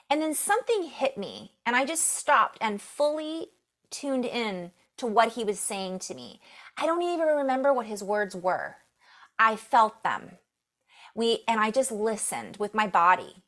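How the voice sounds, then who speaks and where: A middle-aged woman giving a spiritual reading, telling a story in a soft, emotional, meandering way. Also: fairly high pitch. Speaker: spiritual reader.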